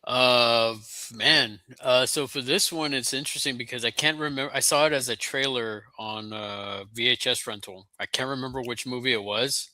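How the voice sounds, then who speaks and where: A man guest on a watch-party stream, talking in a relaxed, friendly way. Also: mid-range voice, moderate pace, hardly any pauses, dry recording. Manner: laid-back, friendly, says man and brother. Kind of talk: casual watch-party chat.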